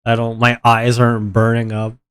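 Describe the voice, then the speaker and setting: A man's voice: medium pitch, monotone, moderate pace, a bit bright, clear, resonant tone. Stuffy-nosed man ranting dramatically. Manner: rambling, melodramatic complaining. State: stuffy nose from allergies. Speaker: streamer. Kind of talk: casual live-stream chat.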